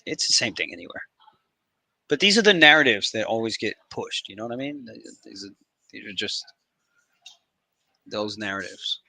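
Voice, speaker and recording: A lowish male voice with a bright, forceful edge, hosting a casual trading livestream. He talks in excitable, profane banter. The sound is close and dry. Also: moderate pace, long pauses, dry recording, poor audio.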